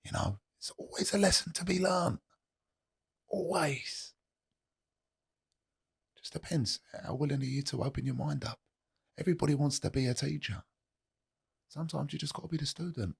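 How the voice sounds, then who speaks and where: A man talking candidly as a podcast guest, earnest and plain-spoken, driving his points home by repeating them. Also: darkish tone. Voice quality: gravelly husky low voice. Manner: earnest and motivational, plain-spoken, uses repetition. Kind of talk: candid conversational storytelling.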